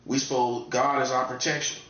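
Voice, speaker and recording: Talking a little fast with a sharp tone and little pitch movement, a medium-voiced man from North Carolina delivers a casual, repetitive warning in his Southern accent. He's an online commentator, and the recording has a distant, echoey, dull lo-fi room sound.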